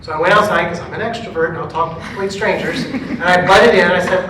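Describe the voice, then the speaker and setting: A man, a pastor, telling stories in a casual talk to a church forum, acting out the dialogue with lively quoted voices. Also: sits high, fast, slight background noise. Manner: chatty storytelling, animated quoted dialogue. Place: church meeting room. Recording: echoey room, mic at a distance.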